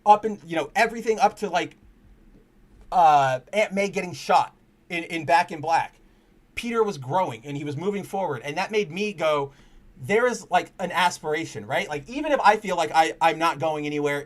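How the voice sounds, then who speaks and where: Hosting a laid-back comic book chat stream, a man with a slightly high voice talks at a normal speed with animation. He rambles, restarts often, and curses freely, turning earnest and candid when the talk gets personal.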